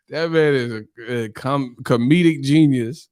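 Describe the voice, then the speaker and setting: A man's voice: medium pitch, measured pace, few pauses, a little mellow. A male channel host in a casual live-stream chat, telling stories animatedly and laughing often.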